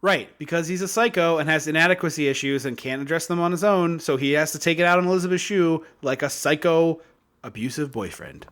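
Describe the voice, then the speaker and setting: A man's voice: fairly high pitch, fairly quick, a bit bright. A man co-hosting a podcast, giving emphatic, opinionated takes on a movie in casual chat. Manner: emphatic and opinionated, mocking impressions. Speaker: podcast co-host.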